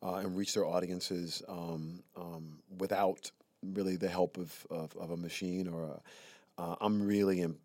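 Low-voiced man telling stories. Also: a little slow, no room sound. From Alabama, USA. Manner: animated storyteller who slips into acted voices. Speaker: guest. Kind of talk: storytelling interview conversation.

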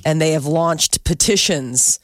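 A woman's voice: sits low, unhurried. A middle-aged woman co-hosting a podcast, breezily chatting through celebrity news and laughing easily. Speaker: podcast co-host. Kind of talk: casual chat, reading celebrity news.

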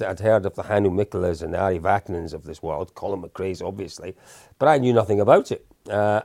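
Creaky-voiced man telling stories. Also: fairly low pitch, darkish tone, no room sound, studio quality. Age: 50s. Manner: anecdotal, self-deprecating, with frequent restarts and chuckles. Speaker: interview guest. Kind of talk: casual storytelling in an interview.

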